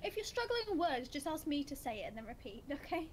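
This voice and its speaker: Playful British woman player, high bouncy voice, teasing. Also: sing-song, fast talker, a little hiss or hum. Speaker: tabletop game player. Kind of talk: casual game chat.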